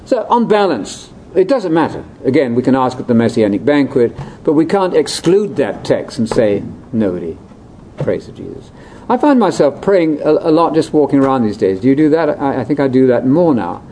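A man leading a conversational Bible discussion, explaining in an animated way that jumps between high and low pitch. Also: brisk, hardly any pauses, a little hiss or hum. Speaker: Bible teacher.

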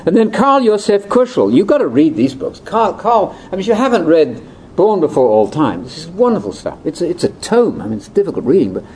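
Speaking fairly quickly with big pitch swings, an older British man gives a wry, improvised talk to a religious conference audience, dropping asides and laughing. His high voice has a darkish tone, and the poor recording carries a little hiss or hum.

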